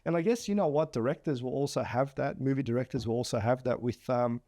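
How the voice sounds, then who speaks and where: A man's voice: mid-range voice, fast talker. An Australian man hosting a podcast, chatting casually and acting out the people in his stories. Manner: animated storyteller, acts out quotes. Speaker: podcast host. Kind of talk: casual chat.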